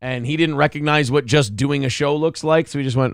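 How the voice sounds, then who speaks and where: A man's voice: on the high side, fairly even intonation, brisk, creaky, clear, resonant tone, dry recording, studio quality. Profane, rowdy male livestream host. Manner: profane, swings into loud outbursts. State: a little drunk. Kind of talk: casual livestream chat reading super chats.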